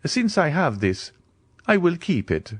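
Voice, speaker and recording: A man reading aloud as a nonchalant aristocrat, cool and commanding as he closes a purchase. The voice moves a lot in pitch, and the audiobook recording is dry and close. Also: a little slow, slightly rough, dry recording, full character voice. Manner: calm, offhand, commanding. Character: cool, wealthy nobleman buying a house.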